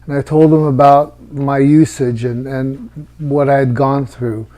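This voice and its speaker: A middle-aged man telling a personal story in a halting, reflective way, with frequent restarts. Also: mid-range voice, fairly even intonation, mellow.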